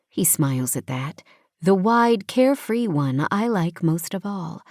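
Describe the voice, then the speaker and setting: A woman narrating a first-person romance audiobook with an intimate, expressive reading. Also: fairly low pitch, a little slow, no echo, clean studio sound.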